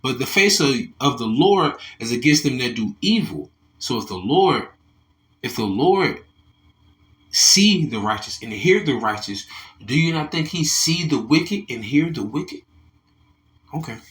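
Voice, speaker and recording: Here a Southern American man comments on religion, reading a news story aloud and tying it to Bible verses. His medium-pitched voice is expressive and a bit bright, his pace a little slow, and he talks animatedly with restarts and repeated words while calling his audience y'all.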